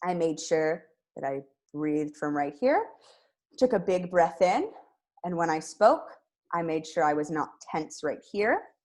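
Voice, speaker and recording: A young woman gives a public speaking lesson in a fairly low voice. She talks clearly and with upbeat energy, pausing to demonstrate as she explains. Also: big pitch swings, darkish tone. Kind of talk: instructional lesson to camera.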